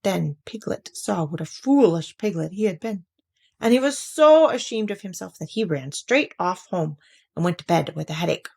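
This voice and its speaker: A woman reading a children's storybook aloud with expressive, animated storytelling. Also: fairly low pitch, normal speed, gravelly, slightly rough.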